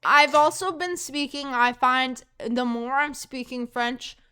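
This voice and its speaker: Bright, high young woman, unhurried chat. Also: smooth. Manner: laid-back, laughs a lot. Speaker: podcast co-host. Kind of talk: casual chat.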